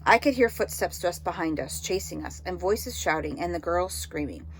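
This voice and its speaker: A woman reading an audiobook novel aloud in steady storytelling narration. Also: lowish voice, moderate pace, slight background noise. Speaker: audiobook reader.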